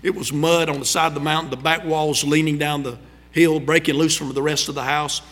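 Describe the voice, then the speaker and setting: A man's voice: on the high side, a little fast. A middle-aged man, preaching a folksy storytelling sermon in a church sanctuary. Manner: folksy, conversational, animated storytelling. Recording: long hall reverb.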